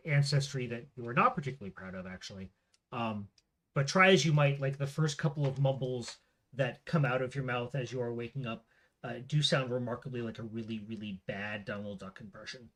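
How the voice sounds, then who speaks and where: A man running a tabletop game as game master, narrating with many pauses and fillers. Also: medium pitch, fairly bright tone. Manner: hesitant, filler-heavy narration.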